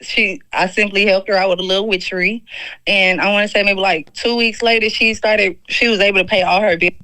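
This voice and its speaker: A young woman calling in to a podcast, telling a story in an animated, gossipy way. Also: medium pitch, brisk, low-quality recording. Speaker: caller. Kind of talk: casual storytelling.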